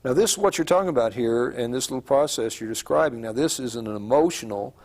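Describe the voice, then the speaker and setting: Forties guy host, gravelly voice, slow probing questions. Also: medium pitch, lively intonation, a little mellow. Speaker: talk show host. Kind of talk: interview conversation.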